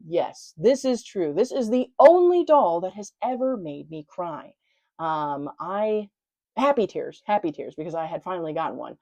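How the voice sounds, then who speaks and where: A woman's voice: on the low side, very animated, normal speed, darkish tone, no echo, muffled recording. A woman with a Southern US accent in a casual vlog, chatting animatedly about her doll collection, with playful slang and swearing. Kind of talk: casual chat showing a collection.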